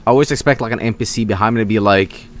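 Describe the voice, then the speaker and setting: Rapid-fire and fairly low-pitched, a Swedish man streams himself playing a video game, cracking jokes, cursing and slipping into silly voices with lively energy.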